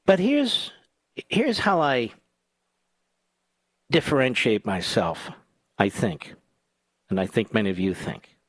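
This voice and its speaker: A man hosting a talk radio show, delivering a combative, sarcastic monologue that swings between loud outbursts and low asides. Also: huge pitch swings, slow, pauses often, dry recording.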